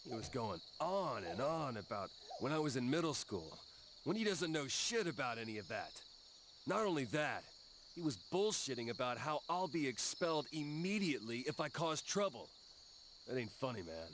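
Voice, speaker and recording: A man voicing a brash, gruff teenage delinquent boy who curses and flares up fast, in video game dialogue. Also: medium pitch, sing-song, a little hiss or hum. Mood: annoyed. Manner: gruff, cursing, quick to anger. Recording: game dialogue over loud music. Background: game music.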